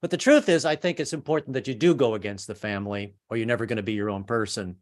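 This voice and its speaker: A man's voice: on the low side, fast. A middle-aged man from New York doing a chatty stand-up set over a video call, with lots of stammered restarts. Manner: chatty, stammering restarts, puts on tough-guy voices. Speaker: stand-up comedian.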